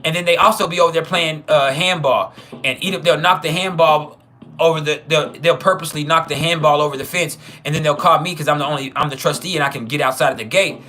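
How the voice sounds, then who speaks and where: A man's voice: a little high, quick pace, pushed and bright. A man casually telling a personal story, profane and chuckling, with many trailing restarts. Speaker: channel host.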